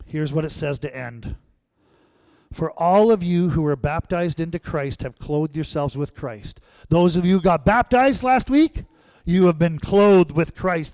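A man preaching a sermon as pastor, calling out questions to the congregation and swinging between loud, emphatic lines and quiet asides. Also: a little high, dry recording. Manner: call-and-response, asking the congregation questions.

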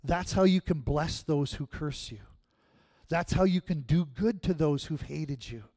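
A middle-aged man preaching a sermon, telling a personal story and acting out his own lines with rising pitch and volume. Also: unhurried, no room sound. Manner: animated storyteller, acts out his own past quotes with rising pitch and loudness. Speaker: pastor.

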